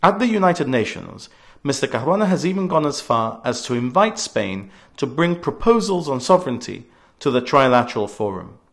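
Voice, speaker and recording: A man's voice: medium pitch, sing-song, normal speed, vocal fry, a bit bright. A man of about forty, giving a scripted political radio address in an earnest, emphatic way, leaning hard on key words. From Gibraltar.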